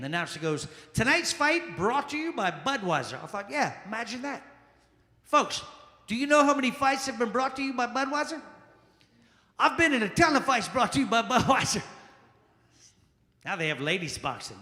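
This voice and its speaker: A man from Charleston doing a loud, punchy stand-up set and working the crowd in a small jazz club. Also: high-pitched. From Charleston, South Carolina. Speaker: stand-up comedian. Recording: echoey club room with long reverb.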